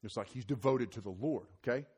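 A middle-aged man preaching a sermon at a conference, mixing scripture with lively personal stories and getting loud when excited. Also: quick pace, husky. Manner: animated, rises loud and high when telling stories. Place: conference hall.

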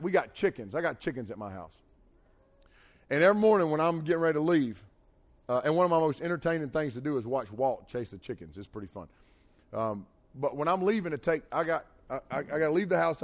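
A middle-aged man preaching a sermon, folksy and animated, with jokey asides. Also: fairly high pitch, fast talker. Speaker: pastor. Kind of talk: sermon with storytelling.

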